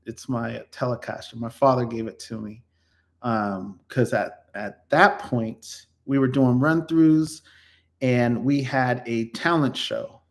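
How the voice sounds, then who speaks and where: A man in his fifties telling stories from his own life in a casual, rambling way, full of ums and self-corrections. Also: mid-range voice. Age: 50s. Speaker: YouTuber reflecting on his life. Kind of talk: casual personal storytelling.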